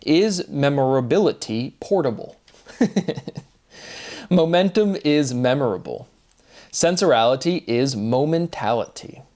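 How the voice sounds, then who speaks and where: The host of a self-made video series thinks aloud in an unscripted solo monologue, rambling through free-associating wordplay and often checking in with "right?". His mid-range voice is expressive, slow-paced and a little mellow. He speaks with fillers and restarts.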